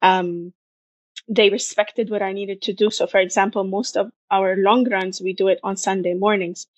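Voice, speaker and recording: A woman guest in a conversational interview, talking in an animated way and driving points home with emphatic repetition. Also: medium pitch, moderate pace, no echo. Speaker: podcast guest, marathon runner.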